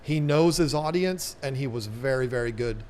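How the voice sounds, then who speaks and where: A man's voice: mid-range voice, normal speed, a little mellow, a little hiss or hum. A man with a Southern US accent hosting a casual live chat, rambling and repeating words as he talks. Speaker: aquarium channel host.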